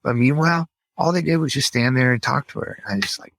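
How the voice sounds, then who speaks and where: A middle-aged man, a podcast guest, telling a personal story in an earnest, halting way with frequent restarts. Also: mid-range voice, expressive, fairly bright tone, no room sound.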